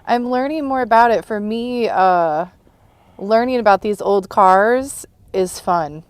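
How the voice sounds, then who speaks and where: A woman co-hosting a car restoration video, chatting casually, excited and laughing often. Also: mid-range voice, takes it slowly, clear, resonant tone, dry recording. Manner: bubbly and excited, laughs often, rambling explanations. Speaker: co-host and producer of a car restoration channel. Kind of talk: casual on-camera chat.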